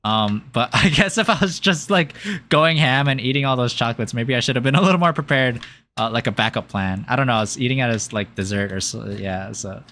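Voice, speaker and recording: Male streamer, casual chat during gameplay; rambling and giggly, with a bright voice. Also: medium pitch, brisk. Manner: rambling and giggly, with many fillers. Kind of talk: casual chat while playing a game.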